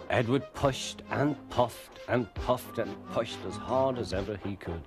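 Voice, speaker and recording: A man narrating a children's story in a gentle, lively storytelling manner. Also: mid-range voice, unhurried, few pauses, music in the background.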